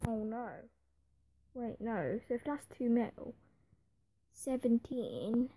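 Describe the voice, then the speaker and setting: A woman's voice: fairly high pitch, takes it slowly, long pauses, mellow. A woman giving running commentary over a football management game, often exasperated and muttering to herself. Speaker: gaming video creator. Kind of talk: gameplay commentary.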